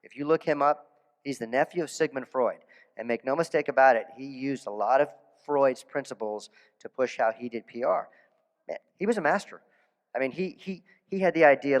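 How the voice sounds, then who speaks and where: A man, a dentist, giving a conference lecture in a casual storytelling way, animated, with restarts and asides. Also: mid-range voice, a little fast, in a large hall. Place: conference hall.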